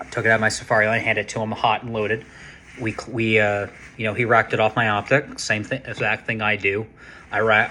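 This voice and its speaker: A man's voice: lowish voice, slight background noise. A man telling a casual, rambling story to camera, restarting his sentences and swearing for emphasis. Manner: rambling, restarts often, excited and profane about guns. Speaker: vlogger, casino security worker.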